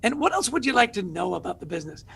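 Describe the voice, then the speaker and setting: A man's voice: high-pitched, sing-song, fast, vocal fry, fairly bright tone, slightly rough. A middle-aged man, an author and guest, telling stories energetically in an interview with emphatic rhetorical questions.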